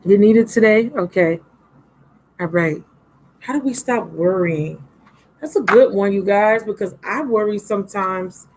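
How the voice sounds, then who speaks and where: Recorded roughly through a laptop mic, this tarot reader speaks in an unhurried, somewhat mellow mid-range voice. She's giving a relaxed live reading, affectionate and talkative with her viewers, and a little sleepy.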